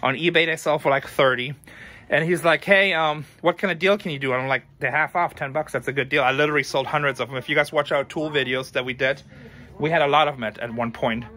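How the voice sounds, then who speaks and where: A man's voice: medium pitch, fairly even intonation, fast, pushed and bright. A tired man who runs a thrift store, talking casually to his viewers with rambling, frank advice. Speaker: thrift store owner and vlogger. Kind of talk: casual talk to camera.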